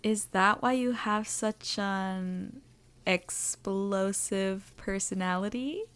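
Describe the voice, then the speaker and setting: A giggly young woman with a joking, teasing manner, voiced by a female reader. She speaks in an ordinary mid-pitched voice in this audio story. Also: slow pace, a bit bright, smooth. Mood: playful.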